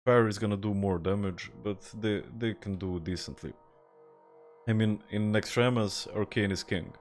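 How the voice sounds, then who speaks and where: Deep-voiced Serbian-accented man streaming games. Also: normal speed. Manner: laid-back, swears, chuckles, answers chat. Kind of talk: casual live-stream chat while gaming.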